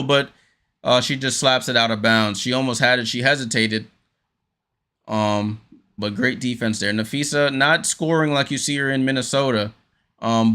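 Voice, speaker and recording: This host has a clear, resonant, medium-pitched voice as he leads a casual watchalong for fans. Calling the action play by play, he fills gaps with lots of filler words and gets abruptly excited on big moments.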